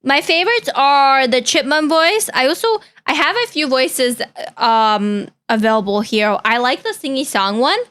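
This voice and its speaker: A woman's voice: sits high, lively intonation, normal speed, fairly bright tone, smooth. A young woman streamer chatting casually and playfully with her viewers, caring and chatty. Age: young adult. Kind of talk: casual reaction-stream chat.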